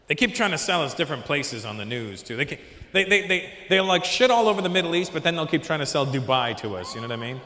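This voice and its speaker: Stand-up comic in an echoey hall. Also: male voice, on the high side, very animated, fast talker, pushed and bright, slight background noise. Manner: riffing with the crowd, acting out voices. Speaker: stand-up comedian. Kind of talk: stand-up comedy set. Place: large comedy venue with live audience. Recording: echoey hall, crowd audible.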